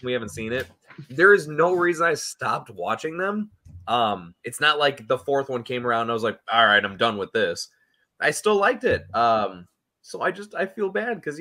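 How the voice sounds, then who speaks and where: A man's voice: mid-range voice, lively intonation, moderate pace, pushed and bright. A man talking on a movie podcast in a loose, rambling way, with frequent ums and restarts. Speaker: podcast panelist. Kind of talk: casual chat.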